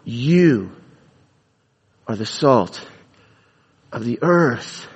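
A man's voice: medium pitch, animated, extremely slow, slightly rough. A man preaching a sermon, emphatic, repeating phrases for stress. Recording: long hall reverb.

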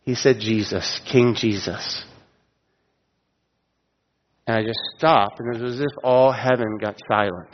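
In a steady, medium-pitched voice, a middle-aged man delivers a sermon slowly and with frequent pauses, mixing stories with direct questions to his listeners and chuckling at his own jokes. There's slight background noise, and the sound is dull with long hall reverb.

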